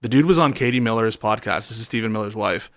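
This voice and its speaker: A man hosting a casual political chat, earnest and halting, often restarting his sentences. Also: fairly low pitch, a bit bright, dry recording, studio quality. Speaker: show host.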